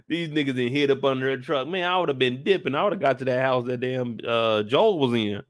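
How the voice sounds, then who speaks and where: A young man giving a casual, profane, joking recap of a TV episode, lively and quick to burst into loud shouts. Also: medium pitch, dry recording, clean studio sound. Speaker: show recap reviewer. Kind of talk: casual live recap commentary.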